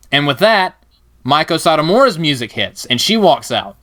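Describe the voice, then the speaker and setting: A man hosting a podcast, casually narrating a wrestling game with jokes and loud laughs. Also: a little high, moderate pace. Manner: animated, jokey, laughs loudly.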